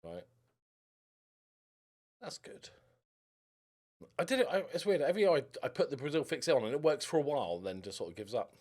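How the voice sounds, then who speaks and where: A man's voice: on the high side, fairly quick, pauses often. A young man commentating casually over a football management game, rambling and muttering to himself. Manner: rambling, mutters to himself, lively ups and downs. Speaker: gaming YouTuber.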